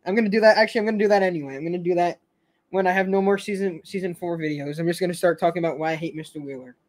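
A man's voice: sits high, fairly even intonation, rapid-fire. A young man hosting a casual fan stream, rambling with frequent stammers, restarts and laughs. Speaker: show fan host.

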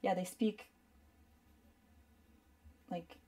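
Recorded from afar, a woman with a dark tone draws out her words as she leads a live painting demo. She's an art instructor who keeps it casual, rambling on and using "like" a lot.

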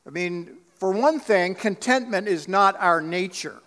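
Pastor guy preaching slow and earnest, highish voice, big echoey church. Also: expressive, fairly bright tone. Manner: earnest preaching with rhetorical questions to the congregation. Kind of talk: sermon. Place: church sanctuary. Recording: long reverb of a church sanctuary.

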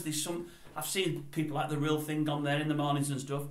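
A man's voice: on the high side, steady tone, brisk. An older man giving his opinions in a casual vlog, rambling and going off on tangents. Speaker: YouTube commentator. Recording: roomy echoey room.

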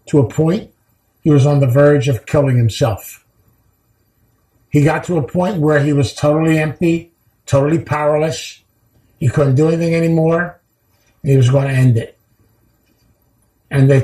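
A man's voice: a little high, warm tone, reverberant, rough recording. A man giving a heartfelt recovery talk, telling stories earnestly and repeating key phrases for weight. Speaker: recovery speaker.

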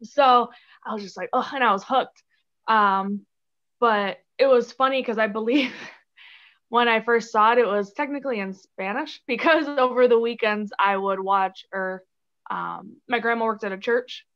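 A woman's voice: a little high, measured pace, a bit bright, highs cut off. A young woman from Chicago, a guest on a podcast, chatting casually and giggling, with many "like"s and "um"s. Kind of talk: casual interview chat.

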